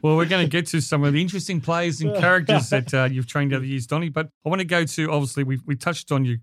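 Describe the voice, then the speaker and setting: A man hosting a podcast interview, asking drawn-out questions. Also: a little high, a bit bright, no room sound, clean studio sound. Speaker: podcast host.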